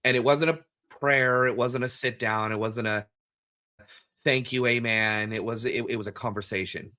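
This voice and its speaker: A man interviewing a guest, telling a reflective anecdote in a measured, conversational way. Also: medium pitch, fairly even intonation, bright, forceful tone.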